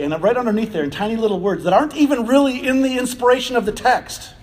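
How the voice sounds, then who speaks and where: High-voiced male pastor preaching. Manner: animated, repeats words, laughs between phrases. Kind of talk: sermon.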